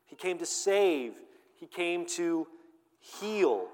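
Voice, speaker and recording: A fairly high-voiced man preaches with fervor, his voice rising to loud declarations and then sinking almost to a murmur. Long reverb from a big hall trails behind each phrase. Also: expressive, slow pace. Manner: emphatic preaching, swinging from loud to hushed. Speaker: pastor. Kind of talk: sermon.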